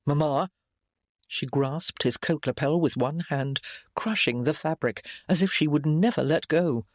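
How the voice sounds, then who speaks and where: A man narrating a romance audiobook in an expressive storytelling manner. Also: a little high, normal speed, dry recording, studio quality. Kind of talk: scripted narration.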